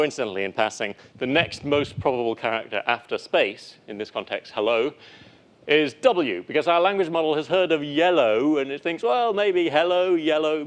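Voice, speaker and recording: A man lecturing and demonstrating software to an audience, lively and playful, with animated asides. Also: on the low side. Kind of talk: live technical talk with demo.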